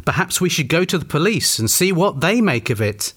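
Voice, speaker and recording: A man's voice: on the high side, very animated, brisk, fairly bright tone, breathy edge, pitched above the performer's own voice, heavily acted. Man doing an earnest little schoolboy.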